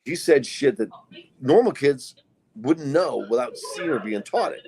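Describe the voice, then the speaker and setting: A man's voice: medium pitch, animated, unhurried, darkish tone, husky. A middle-aged man co-hosting a casual podcast, telling profane stories and acting out the voices of the people in them. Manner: profane storyteller, acts out quoted voices. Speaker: podcast co-host.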